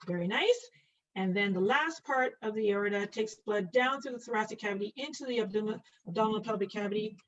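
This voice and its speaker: Fairly quick and medium in pitch, a woman's voice leads an online nursing lesson while she sketches. Self-mocking and playful, she teases her own drawing and puts questions to students by name. Expect dull, distant, lo-fi audio.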